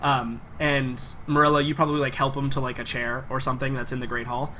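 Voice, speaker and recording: A man's voice: medium pitch, flat delivery, quick pace, bright, forceful tone, a little hiss or hum, poor audio. A man narrating a tabletop game as game master, rambling with many fillers.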